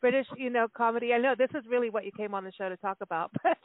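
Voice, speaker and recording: A woman's voice: on the high side, rapid-fire, dry recording. A woman co-hosting a radio talk show, chatting casually in a rambling way and laughing often. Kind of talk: casual interview chat. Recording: tinny phone-line sound.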